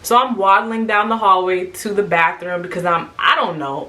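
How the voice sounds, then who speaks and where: Bright-voiced young woman telling a story. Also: medium pitch, moderate pace, few pauses, distant mic, poor audio. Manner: animated, lively, quotes people in raised voices. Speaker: vlogger. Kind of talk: casual storytelling.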